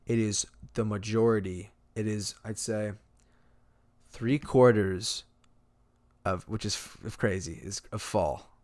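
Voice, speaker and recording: A man's voice: on the low side, slow pace, darkish tone. A young man hosting a podcast, casually retelling game scenes with lots of fillers and acted-out quotes. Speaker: podcast host. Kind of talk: casual chat.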